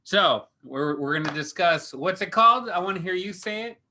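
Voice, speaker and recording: A man hosting a casual film review chat, swearing a lot and ranting with mocking, animated energy. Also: high voice, slight background noise. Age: adult with a young daughter. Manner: profane, animated, mocking, quick reversals. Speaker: podcast host.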